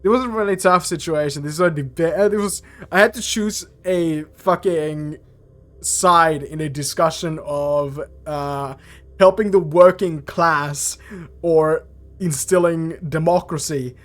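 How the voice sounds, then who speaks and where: A man's voice: fairly high pitch, a little slow, a bit bright. A man playing a video game, casually reading its text aloud with frequent restarts and the odd swear.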